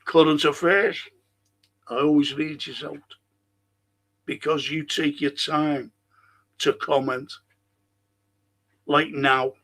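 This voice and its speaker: A middle-aged man hosts a casual podcast, reading viewer comments aloud. His voice is fairly high and gravelly. He rambles and restarts his sentences often. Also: steady tone, slow pace, long pauses, fairly bright tone. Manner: chatty, rambling, frequent restarts and fillers. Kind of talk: casual livestream chat.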